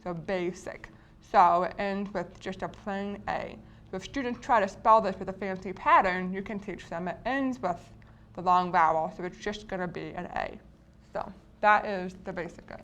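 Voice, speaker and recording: A woman's voice: medium pitch, normal speed, fairly bright tone, dull audio. A woman explaining spelling patterns to teachers in a patient lesson, often checking in with the listeners. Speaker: teacher educator.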